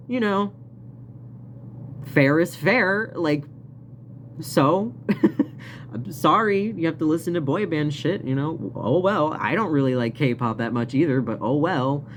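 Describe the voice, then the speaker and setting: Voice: medium pitch, lively intonation, measured pace, long pauses, slight background noise. A vlogger telling a story in a casual, rambling rant, swearing often and laughing now and then. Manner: profane, rambling, frequent laughs.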